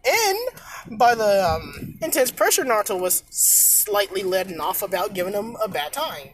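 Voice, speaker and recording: Rambly fan storyteller making it up as they go, swingy pitch, faint background hum. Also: big pitch swings, measured pace, rough recording. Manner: rambling, self-correcting, swears casually. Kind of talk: casual improvised fan storytelling.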